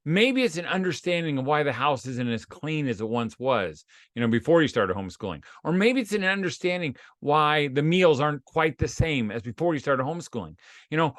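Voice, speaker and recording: A man's voice: medium pitch, fairly bright tone, no room sound, clean studio sound. Folksy man sharing fatherly advice. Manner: folksy and self-deprecating, acts out quoted voices. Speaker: host of a homeschooling tips series for dads. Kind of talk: casual advice talk with personal stories.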